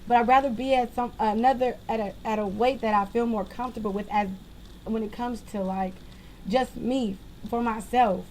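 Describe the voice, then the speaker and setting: A woman venting to her viewers in a casual monologue into a webcam, animated and exasperated. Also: on the high side, normal speed, slight background noise, poor audio. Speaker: vlogger.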